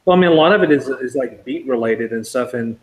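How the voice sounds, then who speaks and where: A man with a mid-pitched voice joins a casual livestream chat and explains his points loosely, with plenty of fillers. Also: animated, fast talker, a crowd in the background, low-quality recording.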